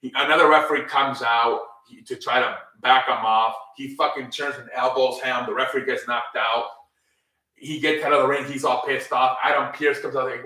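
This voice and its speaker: A man's voice: mid-range voice, steady tone, normal speed, pushed and bright. A man casually recapping a wrestling show on his own, rambling, with lots of ums and casual swearing. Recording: echoey room, distant mic.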